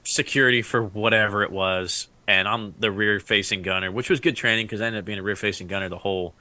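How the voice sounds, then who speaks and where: A man who fought in the Iraq War tells stories in a relaxed podcast chat. His voice is a little low but bright and forceful. He laughs through his stories and acts out the lines of people he met. The sound is dry and close to the mic. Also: fast talker, dry recording. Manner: rambling, laughs often, acts out quotes. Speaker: Iraq War veteran guest. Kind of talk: casual podcast storytelling.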